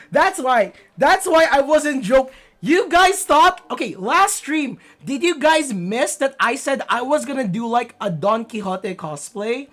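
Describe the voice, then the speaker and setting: A woman's voice: high-pitched, expressive, a little slow, a bit bright. A woman in her twenties streaming a game, chatting casually and playfully, with lots of fillers and frequent swearing. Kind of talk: casual gaming stream commentary.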